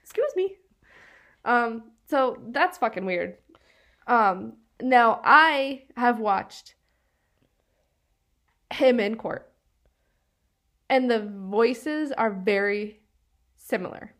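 A woman's voice: fairly high pitch, extremely slow, long pauses, fairly bright tone. A woman from northeastern Pennsylvania co-hosting a true-crime podcast, chatting casually with lots of fillers. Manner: chatty, filler-heavy, laughs often. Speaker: podcast co-host.

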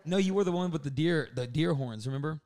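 A man's voice: on the high side, fast. A man in his twenties on a podcast, telling a story in casual chat and acting out other people's lines with a lot of laughing. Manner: animated, laughing, acts out quotes. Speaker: podcast co-host.

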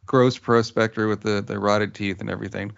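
A man with a low voice talks casually as a podcast co-host. He is critical and hesitant, and uses many fillers. The recording is dull and lo-fi. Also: level tone, a little fast, vocal fry. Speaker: podcast co-host, film reviewer. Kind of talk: casual chat.

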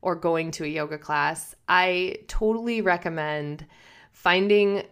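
A woman's voice: on the low side, measured pace, a bit bright, clear, resonant tone. A woman in her thirties telling personal stories to her viewers in a casual, chatty way, laughing often and acting out what others said. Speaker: vlogger.

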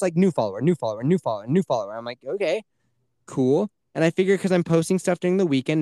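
A podcast host with a medium-pitched, darkish voice talks casually from a small closet, telling stories and swearing freely. The recording is studio quality with no room sound.

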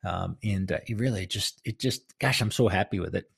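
A man's voice: low voice, normal speed, gravelly, breathy edge. A man hosting a casual history talk, rambling and chatty with many fillers and restarts. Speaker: podcast host.

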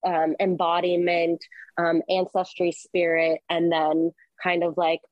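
A woman therapist who is a guest on a podcast, gently explaining psychological ideas and briefly acting out inner voices. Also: on the low side, level tone, measured pace, dry recording, lo-fi sound. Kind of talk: explanatory interview talk.

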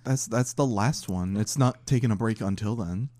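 A man's voice: fairly low pitch, moderate pace, mellow. A man co-hosting a casual podcast, a German native speaker, chatty and joking with friends. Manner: joking, chatty, lots of restarts. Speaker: podcast co-host. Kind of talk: casual chat.

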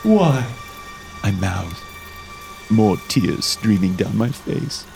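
A man narrating a first-person horror story in a dramatic, expressive way. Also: low voice, takes it slowly, creaky. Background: music.

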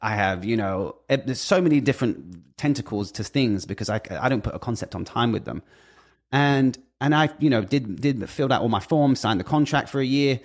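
British man, guest in casual chat, middle pitch, animated, profane storyteller. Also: brisk. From Britain. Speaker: guest, music industry worker.

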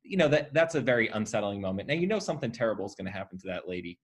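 A man co-hosting a casual film podcast, with a fairly low voice. He talks in a halting, easygoing way, full of ums and restarts, as he picks out the scenes he enjoyed. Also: big pitch swings, breathy edge. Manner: hesitant, many ums, appreciative. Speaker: podcast co-host.

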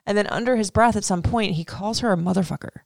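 A woman podcast host giving a casual, animated recap rant about a reality show. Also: mid-range voice, fast, gravelly, no room sound, studio quality. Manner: animated, indignant, swearing.

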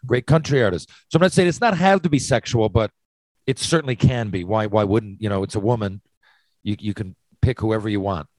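A man's voice: lowish voice, fairly quick, a little mellow, no echo, poor audio. A man hosting a casual chat, posing hypothetical questions with lots of restarts and swearing. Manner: rambling, restarts, profane. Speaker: podcast host.

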